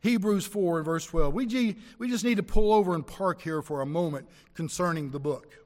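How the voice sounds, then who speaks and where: High-voiced man preaching in a big hall. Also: a little mellow. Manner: emphatic preaching, slowing down to stress key words. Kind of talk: sermon.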